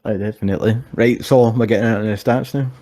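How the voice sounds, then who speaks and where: Sweary Scottish man, mellow voice. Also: on the low side, quick pace. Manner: swears freely, animated storytelling. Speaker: co-host. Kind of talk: casual sports chat.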